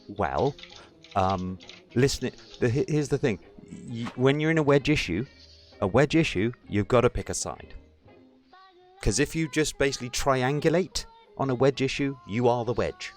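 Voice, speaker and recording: A man's voice: mid-range voice, lively intonation, moderate pace, faint music behind. A man hosting a casual political chat, blunt and sweary, ranting with heat. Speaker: podcast host.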